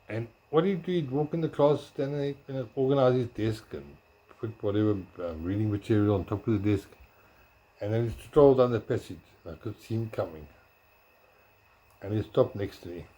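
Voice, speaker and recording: Soft-spoken man reminiscing. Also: lowish voice, slightly rough, low-quality recording. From South Africa. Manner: rambling, self-correcting, searches memory aloud; talks softly at times. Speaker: blogger. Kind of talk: casual storytelling.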